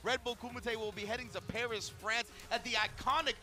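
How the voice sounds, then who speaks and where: High-voiced, fast-talking esports caster. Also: male voice, fairly even intonation. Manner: upbeat, announcing schedule news. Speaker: esports commentator. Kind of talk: tournament broadcast commentary.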